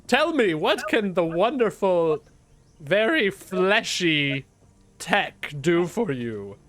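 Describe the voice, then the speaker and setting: A man putting on a pompous high-voiced lady creature. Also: very animated, a bit bright, heavily acted. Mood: haughty. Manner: pompous, drawn-out, condescending. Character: vain self-important female creature named Tech.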